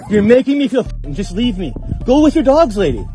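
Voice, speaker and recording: A man's voice: extremely high pitch, big pitch swings, fairly quick, over music. A man arguing in a park, exasperated and repeating himself insistently. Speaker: park visitor in an argument. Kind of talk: heated argument.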